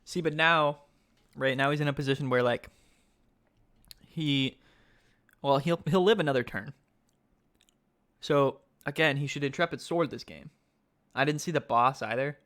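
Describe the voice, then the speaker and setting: A man giving live-stream commentary on a card game tournament, excitable and thinking aloud, often asking his chat questions. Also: on the high side, a little slow, long pauses.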